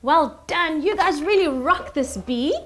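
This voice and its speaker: A woman's voice: sits high, animated, unhurried, fairly bright tone. A young woman teaching a children's recorder lesson, cheerful and sing-song, talking to the class. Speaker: music teacher.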